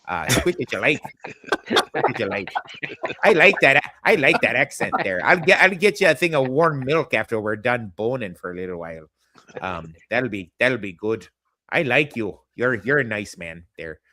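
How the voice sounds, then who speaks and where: A man's voice: medium pitch, sing-song, normal speed, pushed and bright, no room sound. A man voicing a flirty, folksy Midwestern woman with an exaggerated American Midwestern accent.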